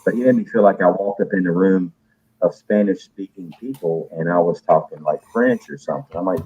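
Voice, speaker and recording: A man's voice: deep voice, a little fast, warm tone, a little hiss or hum. A man who is a caller on a live audio panel, talking in casual chat with emphatic, profane, rambling speech. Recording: tinny phone-line audio.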